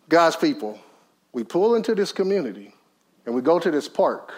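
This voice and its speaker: A man preaching with a high, lively voice that leaps and drops across a wide range. He tells a story full of acted-out quotes. He keeps throwing questions to the congregation. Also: normal speed. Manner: storytelling with acted quotes, swinging from loud high peaks to low murmurs; calls out questions to the audience. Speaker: pastor. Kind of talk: sermon.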